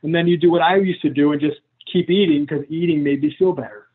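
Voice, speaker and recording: A man's voice: on the high side, fairly even intonation, fast talker. A man teaching coaching skills on a video call in a casual, chatty way, acting out client conversations. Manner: casual, chatty, laughs at himself, acts out client dialogue. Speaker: coach trainer. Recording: tinny phone-like call audio.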